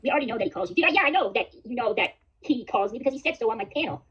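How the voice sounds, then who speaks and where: A young woman on a livestream tears into her chat in a furious, profane rant. Her husky, high voice swoops up and down, and the words pour out at breakneck speed. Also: lively intonation, racing, fairly bright tone, highs cut off. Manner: furious, swears constantly. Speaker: live streamer.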